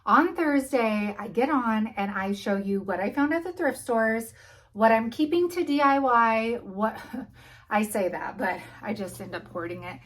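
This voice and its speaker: A young woman talking casually to camera about thrift finds, a little out of breath, her voice trailing off into quiet asides. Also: fairly high pitch, measured pace, low-quality recording. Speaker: vlogger showing thrift finds.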